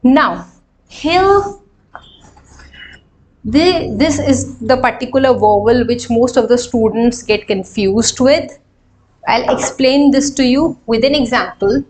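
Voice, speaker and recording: Woman, Indian English accent, high voice, unhurried, online grammar teacher. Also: darkish tone, a little hiss or hum. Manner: explains slowly, asks rhetorical questions, mixes in Hindi. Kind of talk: live online lesson.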